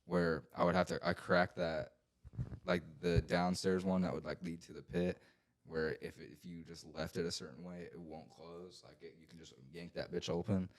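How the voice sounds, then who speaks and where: A man's voice: low voice, level tone, moderate pace. A young man co-hosting a podcast, chatting in a laid-back way and laughing easily. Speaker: podcast co-host. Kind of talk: casual chat.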